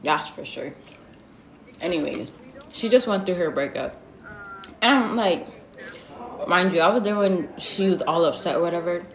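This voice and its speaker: A woman's voice: lowish voice, moderate pace, long pauses. A young woman telling a storytime vlog in a blunt, sassy, slangy way, full of asides. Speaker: vlogger. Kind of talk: storytime vlog, casual gossip. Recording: roomy echo.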